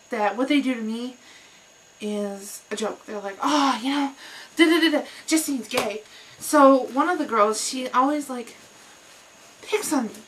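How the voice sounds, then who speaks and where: High-voiced young woman ranting heatedly. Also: far from the mic, low-quality recording. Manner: heated, animated storytelling with lots of fillers. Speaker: vlogger. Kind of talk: personal rant to camera.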